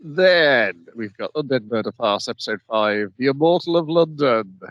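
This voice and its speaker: A man's voice: medium pitch, expressive, normal speed, a bit bright, no room sound, muffled recording. A man hosting an anime podcast, introducing each episode with wry questions in casual chat. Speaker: podcast host.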